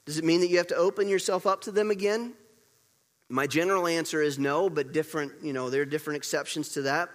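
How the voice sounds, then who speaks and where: A man's voice: high-pitched, brisk. Preaching man in a reverberant hall. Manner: swings from loud urgent storytelling to quiet hushed emphasis; repeats words for emphasis. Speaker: pastor. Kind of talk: sermon. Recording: long reverb of a large hall.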